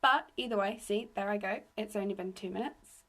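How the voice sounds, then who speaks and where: A young woman from England with a slightly raspy voice, hosting a solo podcast into her phone in a rambling, self-deprecating chat. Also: mid-range voice, brisk, fairly bright tone. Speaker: podcast host.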